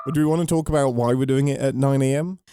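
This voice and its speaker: A man's voice: mid-range voice, quick pace, background noise. A man co-hosting a podcast in casual chat, joking and swearing, with a groggy morning voice. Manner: jokey, swears casually, mock-formal captain intro. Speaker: podcast co-host.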